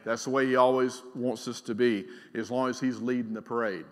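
A middle-aged man preaching a sermon as pastor. He is emphatic, swings between loud and quiet, and keeps asking the congregation questions. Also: mid-range voice, steady tone, a little fast. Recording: long reverb of a large church hall.

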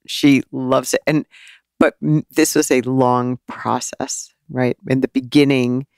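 A woman in her sixties, a teacher and author talking as a podcast guest in an animated, casual way. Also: extremely low pitch, slow, smooth, dry recording, studio quality. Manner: animated, acts out quoted voices and laughs often.

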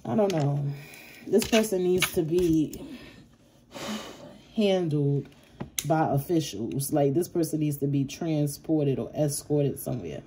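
Woman w/ aave doing a tarot reading, low voice, cusses a lot, noisy background. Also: lively intonation, slow pace, warm tone. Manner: blunt, profane, chuckles nervously. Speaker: tarot reader. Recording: audible background noise.

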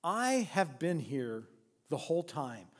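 A pastor voicing a resentful, dutiful older son who protests indignantly in a parable. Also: male voice, a little high, big pitch swings, slow, in a large hall, heavily acted.

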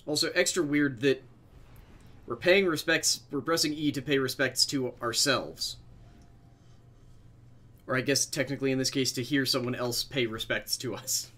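A man's voice: mid-range voice, fairly even intonation, normal speed, long pauses, pushed and bright. A young adult man livestreaming a game, chatting casually with viewers in a rambling, self-deprecating way and swearing freely. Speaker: game streamer.

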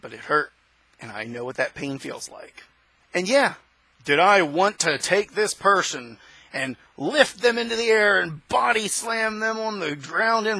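A male host delivering an impassioned opinion monologue, preaching and rising to shouts. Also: sits high, no echo, rough recording.

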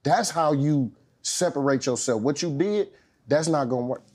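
A stern college running back coach, as a man puts him on lectures insistently about doing things right. The voice sits a little higher than the performer's own, and it pushes its points hard. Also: moderate pace, a little mellow, close to an everyday voice. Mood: lecturing.

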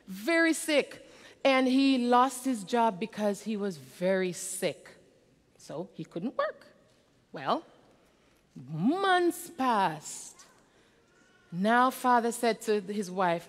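A woman telling a story to children during a church service, animated and often quizzing the kids. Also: medium pitch, slow. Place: church sanctuary. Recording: reverberant church hall.

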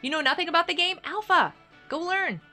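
A woman's voice: extremely high pitch, expressive, fairly quick, over loud music. A woman streaming a game live, chatting with her viewers in a bubbly, giggly way. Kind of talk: casual live-stream chatter while gaming.

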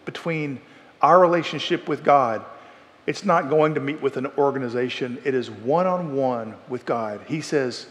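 A man's voice: medium pitch, moderate pace, a bit bright. A man preaching an earnest evening sermon in a church, often restarting phrases and voicing quotes with emphasis. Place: church sanctuary. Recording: long hall reverb.

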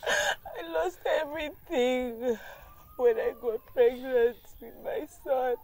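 A woman's voice: high-pitched, slow, heavily acted. An actress with a Nigerian English accent playing a guilt-stricken mother and wife who begs for forgiveness in tears. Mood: tearful begging. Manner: tearful pleading. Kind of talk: film drama acting.

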